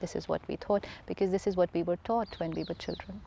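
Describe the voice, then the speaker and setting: Calm, mellow-voiced woman teaching gently. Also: lowish voice, fast talker, vocal fry, a little hiss or hum. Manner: steady, explanatory, repeats key phrases for emphasis. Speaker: spiritual teacher. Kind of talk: calm spiritual talk show conversation.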